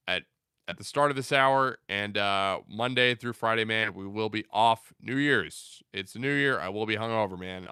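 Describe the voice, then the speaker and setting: A man's voice: lowish voice, sharp tone, clear, resonant tone, dry recording, studio quality. A young man hosting a casual livestream, chatting in a laid-back, rambling way with lots of fillers as he answers viewers. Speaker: livestream host. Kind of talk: casual livestream chat, reading out viewer comments.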